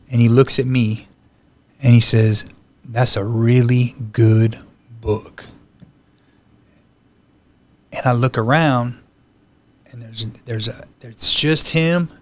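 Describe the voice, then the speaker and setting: Earnest man sharing a heartfelt testimony. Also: medium pitch. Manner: earnest, conversational, frequent "you know" asides; emotional, heartfelt retelling. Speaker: podcast guest. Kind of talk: personal testimony storytelling.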